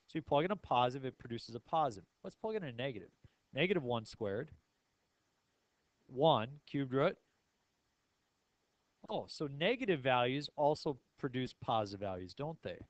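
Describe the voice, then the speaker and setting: A man's voice: medium pitch, very animated, measured pace, long pauses, dry recording. A male math teacher lecturing a class in a playful way, asking his students many questions.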